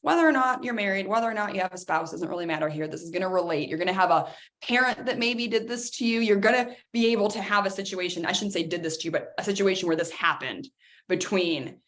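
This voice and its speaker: Picture a middle-aged woman leading a live self-help session, speaking plainly and conversationally. She slips into little acted-out bits of dialogue to make her points, keeping an easy, animated delivery. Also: medium pitch, fast talker. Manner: animated, acts out quoted dialogue in other voices. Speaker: host of a self-help workshop. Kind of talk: live coaching talk.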